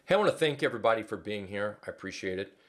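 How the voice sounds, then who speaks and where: A man with a low, deep voice hosting a live trading webinar. He talks in a folksy, casual way, full of fillers and restarts, and repeats his key phrases to drive them home. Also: lively intonation, racing.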